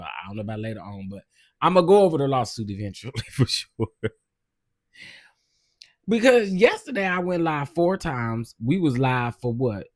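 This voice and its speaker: A man hosting a casual live stream, greeting viewers by name and chatting in a loose, drawn-out way. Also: mid-range voice, no echo, clean studio sound. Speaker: livestream host.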